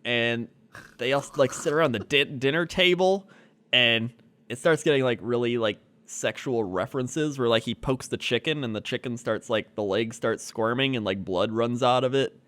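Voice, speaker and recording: A man's voice: medium pitch, moderate pace, fairly bright tone, smooth. Rambling man telling a story. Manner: rambling storyteller, filler-heavy, laughs easily. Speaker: podcast co-host. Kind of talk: casual comedic chat.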